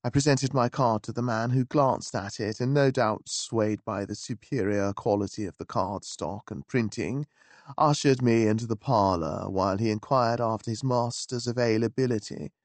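A man narrating a story in a wry, lively, genteel manner. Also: on the low side, normal speed, dry recording. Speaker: audiobook narrator. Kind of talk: scripted narration.

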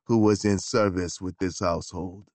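A man reading a story, voicing a formal, deferential manservant in a low, measured tone. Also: no echo. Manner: measured, polite, low and even.

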